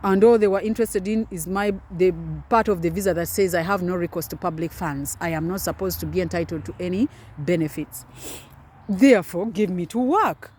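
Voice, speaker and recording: A woman's voice: lowish voice, fairly quick, a little mellow, husky. A woman in her forties, a doctor, giving an impassioned personal testimony with emphatic repetition. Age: 40s.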